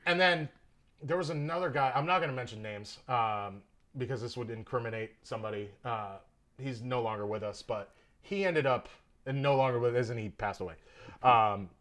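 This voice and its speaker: A man telling a story in a casual podcast chat, animated and heavy on profanity. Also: mid-range voice, moderate pace. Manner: profane, animated storyteller who puts on a Russian accent in quotes. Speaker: guest comedian. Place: podcast studio in Austin, Texas.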